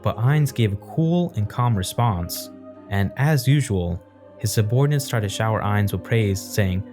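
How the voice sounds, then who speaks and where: A man calmly explaining his points in an analytical video essay. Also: fairly low pitch, normal speed, soft background music.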